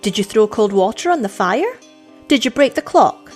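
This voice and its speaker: A woman's voice: fairly high pitch, sing-song, faint music behind, pitched above the performer's own voice. A woman doing a scornful village girl. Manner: scornful, superior, measured.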